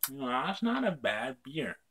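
A man's voice: medium pitch, very animated, normal speed, fairly bright tone, husky. A young man chatting casually on his vlog, rambling with lots of fillers and casual swearing. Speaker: vlog host. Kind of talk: casual chat.

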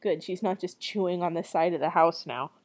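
A woman's voice: lowish voice, fairly quick. A woman reading a fairy tale aloud in a casual, giggly way, often breaking off to comment. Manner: animated, giggly, self-interrupting. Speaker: storyteller. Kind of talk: casual read-aloud with chatty asides.

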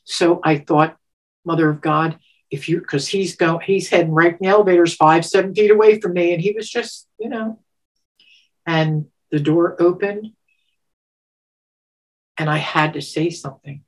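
An older woman in her seventies recounts a cherished memory with a slightly low voice. She is lively and laughs often, and her voice leaps up when she acts out what was said. She gets emotional and stumbles over her words as she goes. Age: 70s. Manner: animated, laughs often, acts out quotes with sudden pitch jumps; emotional, halting restarts. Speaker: interviewee. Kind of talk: storytelling, recounting a personal memory.

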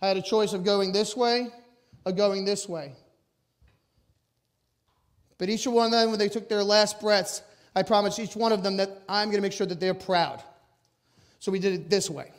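A middle-aged man with a notably high voice delivers a motivational talk before a live audience. He speaks loud and emphatic, pushing his personal stories hard. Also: fairly even intonation, moderate pace, pauses often.

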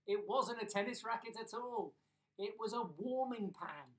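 A middle-aged man reading a children's bedtime story on a live stream, animated, with chuckling asides. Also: sits high, moderate pace, distant mic, rough recording. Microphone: phone or laptop on a live video stream.

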